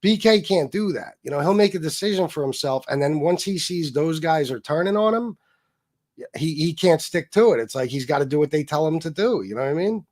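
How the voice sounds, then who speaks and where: A man's voice: on the high side, lively intonation, fairly quick, a little mellow. A man hosting a casual livestream, talking bluntly and with lots of swearing, and reading out viewer messages. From Sicilian heritage. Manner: profane, blunt, reads donor messages aloud. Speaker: livestream host.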